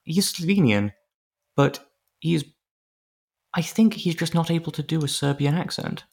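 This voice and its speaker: A man's voice: a little high, unhurried, creaky, darkish tone, slightly rough. A man co-hosting a podcast, chatting casually with dry, rambling asides. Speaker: podcast co-host. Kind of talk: casual chat.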